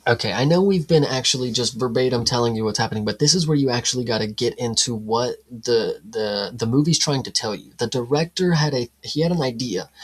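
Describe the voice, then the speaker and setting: A man co-hosting a casual film review chat, animated and profane, acting out scenes in mock voices. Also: medium pitch, a little fast, hardly any pauses, husky. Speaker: podcast co-host.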